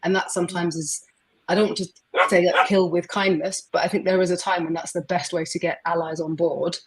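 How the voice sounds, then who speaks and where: A woman's voice: on the low side, level tone, fairly quick, background noise. A woman on a live panel, speaking reflectively and telling small personal stories. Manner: reflective, storytelling. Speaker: panel guest.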